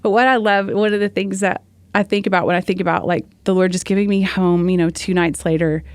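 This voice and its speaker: A woman's voice: medium pitch, fairly even intonation, fairly quick, smooth, dry recording. Earnest woman guest, dry close sound. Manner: earnest, storytelling, laughs often. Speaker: guest worship leader. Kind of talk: casual podcast conversation.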